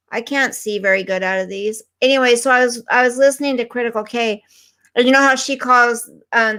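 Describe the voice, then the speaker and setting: The voice is a woman's, a little high and somewhat bright. Running a relaxed livestream, she chats away, replying to commenters by name as she reads their messages, and she sounds tired and under the weather.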